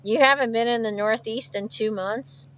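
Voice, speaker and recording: A woman's voice: a little high, fairly even intonation, moderate pace, fairly bright tone. Chatty trucker woman, lo-fi stream. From outside Philadelphia. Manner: chatty, laughs often, reads viewer comments aloud. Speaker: truck driver livestreaming. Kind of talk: casual livestream chat answering viewers. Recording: dull lo-fi stream audio.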